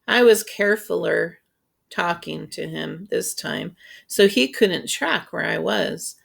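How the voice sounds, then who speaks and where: A woman reading a children's novel aloud in a steady, unhurried storytelling voice. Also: lowish voice, vocal fry, slightly rough. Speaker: audiobook reader. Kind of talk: scripted narration.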